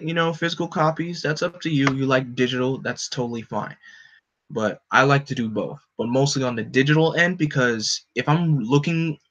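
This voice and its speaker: A man's voice: mid-range voice, fairly bright tone. A man chatting casually and rambling, with many restarts, while hosting a comic live read. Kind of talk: casual chat. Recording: dull lo-fi recording.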